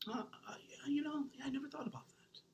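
A man's voice: very high voice, gravelly, darkish tone, voice pushed up. A man putting on a flustered, hesitant listener who stammers and trails off in a near-whisper. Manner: hesitant, halting, half-whispered. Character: flustered listener, awkwardly overwhelmed.

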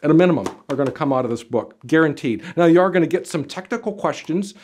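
A man giving job interview advice straight to camera as a career coach, talking in an animated, emphatic way with lots of casual fillers. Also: fairly high pitch, quick pace, slight background noise. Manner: animated, emphatic, gestures with arms and body; conversational, many "you know" fillers. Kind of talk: direct-to-camera advice video.

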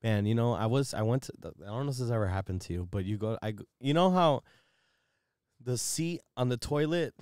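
A man with a mid-pitched, smooth and clear voice tells crude, animated stories and laughs often. The sound is dry and close, with little room tone. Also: a little fast, dry recording. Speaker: podcast co-host. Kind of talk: casual chat.

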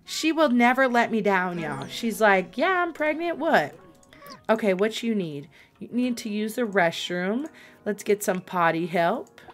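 A woman's voice: mid-range voice, unhurried, faint music behind. A young woman streaming a life-sim game, chatting casually to her viewers with lots of giggles and exclamations. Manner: bubbly, giggly, talks to chat. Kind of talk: casual gameplay commentary.

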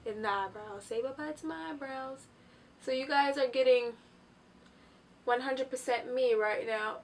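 A tired young woman casually reviewing a beauty product while sitting on the floor at home, chatty and excitable, with lots of fillers. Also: sits high, unhurried, slight background noise. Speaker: beauty vlogger.

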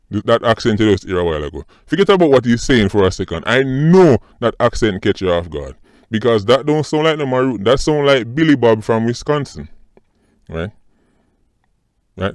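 Animated Jamaican man, low voice. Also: no room sound, studio quality. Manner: animated, mocking, repeats "people" and "right". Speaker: commentary channel host. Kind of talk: casual commentary vlog.

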